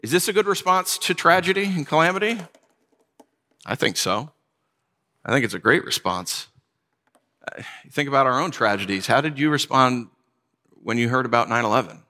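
A man's voice: mid-range voice, animated, moderate pace, long pauses. Male pastor preaching in a reverberant hall. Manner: storytelling, conversational, dropping to quiet for sad moments. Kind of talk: sermon.

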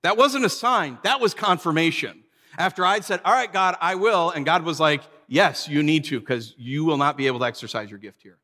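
A bright-voiced man in his thirties delivers a relaxed, story-driven sermon as pastor. He is animated and slips into acted voices as he tells stories. His voice rings out with a long reverb from a large hall. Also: a little high, a little fast.

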